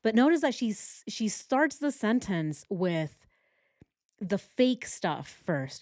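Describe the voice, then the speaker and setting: A woman's voice: mid-range voice, sing-song, slow pace, darkish tone, no echo, clean studio sound. A woman hosting a true crime reaction video, commenting casually and with sarcastic, mocking remarks.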